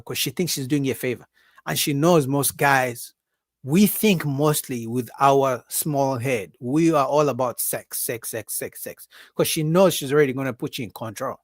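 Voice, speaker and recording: A man's voice: dry recording, studio quality. A man hosting a livestream, giving a casual, emphatic opinion monologue full of repetition and asides like "right?". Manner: animated, acts out women's voices in a high mocking pitch. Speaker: livestream host.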